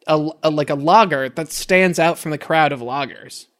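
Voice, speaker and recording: A man's voice: on the high side, moderate pace, fairly bright tone. A man hosting a casual podcast chat, playfully steering the talk. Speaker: podcast host. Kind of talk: casual chat over drinks.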